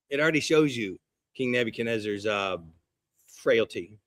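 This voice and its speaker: A middle-aged pastor preaching a sermon, animated and conversational, slipping into quoted voices with gasps and hushed asides. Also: male voice, mid-range voice, normal speed, no room sound, clean studio sound.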